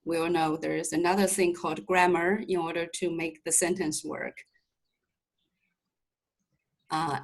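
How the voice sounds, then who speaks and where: A woman's voice: lowish voice, low-quality recording. A woman teaching a Mandarin lesson over a video call, explaining patiently step by step with light humor. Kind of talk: online language lesson.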